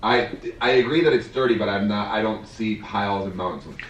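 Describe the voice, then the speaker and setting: A man's voice: on the low side, a little fast, fairly bright tone, distant mic. A man chiming in on a casual vlog, adding dry comments to the story. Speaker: vlogger's husband. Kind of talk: casual chat. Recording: roomy, off-mic with faint noise.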